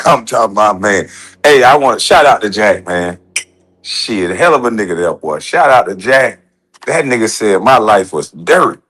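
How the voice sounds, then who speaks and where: Lively, profane man on a livestream. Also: on the low side, normal speed. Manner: loose, profane, joking and laughing. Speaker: livestream host. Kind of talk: casual livestream chat.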